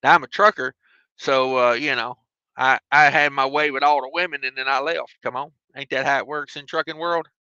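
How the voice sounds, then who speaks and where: A man's voice: mid-range voice, steady tone, fairly quick, bright, forceful tone, clean tone, dry recording, highs cut off. A man, a trucker chatting on his live stream from his truck cab and reading out viewer comments with jokes. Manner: drawling, joking, self-mocking.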